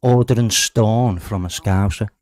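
A man with a low, mellow voice needles a guest with mocking questions on a livestream panel. His sound is dry and close. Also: unhurried, no room sound. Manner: taunting, repeats questions, mocking. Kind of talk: heated livestream argument. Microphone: online call.

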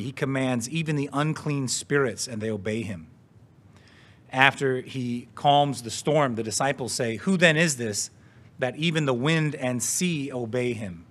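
A man preaching from the pulpit at a middle pitch, measured and earnest. He asks rhetorical questions and leans hard on key words. Now and then he clears his throat between points. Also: fairly bright tone. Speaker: pastor. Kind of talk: sermon.

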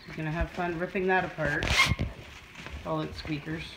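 A woman's voice: low voice, level tone, normal speed, echoey room, very noisy. A young adult woman chatting to her dog in sing-song baby talk, gasping with delight as she unboxes at home. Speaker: vlogger. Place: home room.

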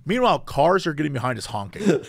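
A man co-hosting a podcast, telling a story in an animated, rambling way and often cutting himself off. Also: a little high, fast, gravelly, no room sound, studio quality. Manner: animated, rambling, self-interrupting. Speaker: podcast co-host. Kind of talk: casual storytelling chat.

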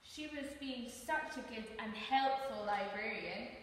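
A young woman reading a picture book aloud to children, with a lively, upbeat storytelling manner. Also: on the high side, a little slow, a little hiss or hum. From Scotland. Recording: roomy echo, far from the mic.

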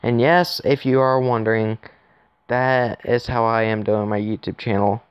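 A man's voice: mid-range voice, steady tone, a little slow, clear, resonant tone, dry recording, muffled recording. A man giving rambling, casual commentary to his viewers while playing a phone game, recorded on his phone. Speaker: gaming YouTuber.

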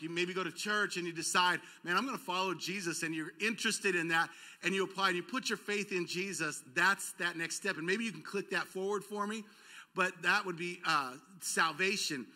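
A man's voice: high-pitched, bright, forceful tone. A man in his thirties, a pastor preaching a sermon, telling stories and acting out dialogue, building to emphatic peaks. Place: church auditorium.

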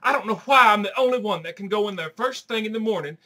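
A man's voice: sits high, expressive, fast talker, bright, forceful tone, exaggerated voice. A man playing a crude, gossipy middle-aged woman in a comedy sketch. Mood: brash. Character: brassy crude Southern middle-aged woman, Aunt Charlene.

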